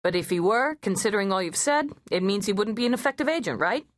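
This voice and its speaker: A woman's voice: mid-range voice, expressive, quick pace, no echo, clean studio sound, pitched above the performer's own voice, close to an everyday voice. A woman voicing a frank, worldly female friend who talks in a blunt, breezy, knowing way.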